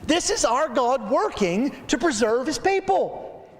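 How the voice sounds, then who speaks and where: A man with a high, bright-toned voice preaches to a Bible study group and tells the story with lively energy. He keeps turning to his listeners with direct questions. The sound carries a long reverb, as in a church hall. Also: a little slow. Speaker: pastor leading a Bible study. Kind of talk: midweek Bible study sermon.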